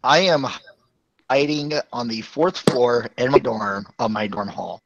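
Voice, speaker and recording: A man's voice: medium pitch, unhurried, creaky, noisy background. A young man hosting a casual group video chat, joking and rambling with frequent laughs. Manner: jokey, rambling, laughs often. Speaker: host. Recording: muffled lo-fi audio.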